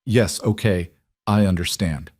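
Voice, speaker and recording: A man voicing a cowardly, abusive young boyfriend with a wheedling, whiny tone, pitched above his own voice. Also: measured pace, darkish tone, no room sound, clean studio sound. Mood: wheedling, scared.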